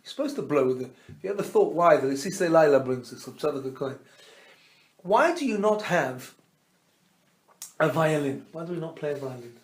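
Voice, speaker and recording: A man, a rabbi, teaching a Torah class as an animated storyteller who quizzes his listeners and mixes Hebrew terms into his teaching. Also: fairly high pitch, brisk, long pauses. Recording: roomy echo.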